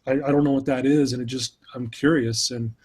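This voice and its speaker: A man's voice: medium pitch, steady tone, a little fast, a little mellow, husky. A man recounting his own struggles in an interview, speaking earnestly and candidly as a speaker and mentor. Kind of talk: personal storytelling in an interview.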